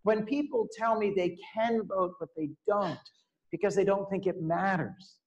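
A man in his fifties, a senator giving a public talk, telling an animated personal story with casual fillers. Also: high voice, moderate pace, highs cut off. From United States. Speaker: U.S. senator, guest speaker. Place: law school lecture event, indoors.

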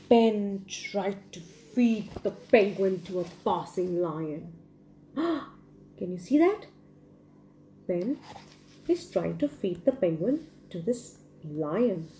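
A woman reading a picture book aloud to children, expressive and full of questions for her young listeners. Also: mid-range voice, a little hiss or hum. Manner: expressive, asks the children questions, gasps in surprise. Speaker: storyteller for children.

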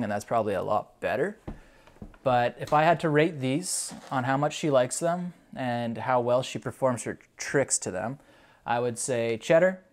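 With a darkish tone, an upbeat dog owner hosting a casual vlog talks through a puppy treat test. The everyday, mid-pitched voice trades snappy commands to the dog for a running, chatty commentary.

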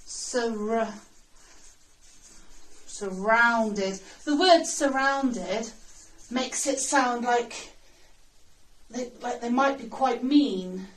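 A woman's voice: on the high side, a little hiss or hum. A woman teaching a recorded primary school writing lesson, sounding out words letter by letter. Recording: roomy sound, mic at a distance.

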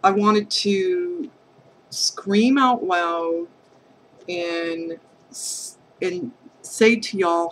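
A woman crafting vlogger talking heartfelt to camera, hesitant and halting, earnest and emotional. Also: fairly low pitch, a little hiss or hum, rough recording. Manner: emotional, affectionate.

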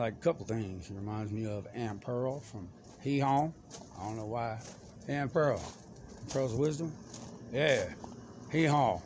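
Man, off-the-cuff rambler, average pitch, noisy recording with birds. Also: darkish tone. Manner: stream-of-consciousness, jumping between topics. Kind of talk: rambling monologue.

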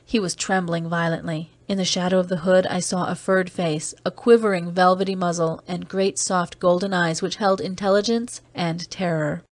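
Woman narrating a weary, seasoned off-world agent; measured storytelling, dry close sound. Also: on the low side, steady tone, dry recording, lightly acted. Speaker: audiobook reader. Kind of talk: scripted narration.

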